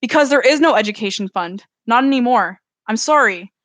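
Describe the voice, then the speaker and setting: A strained, controlling mother in a storybook scene, read by a woman, firm and defensive as she holds her ground. The voice has a middle pitch and the sound is dry and close. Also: quick pace, fairly bright tone, no room sound, lightly acted. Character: worried, controlling single mother.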